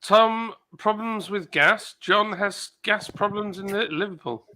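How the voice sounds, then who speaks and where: Still sick and stuck in isolation, the livestream host keeps things chatty, trading banter and reading out messages from chat. Here his pitch is high and his delivery unhurried, with a bright, forceful edge.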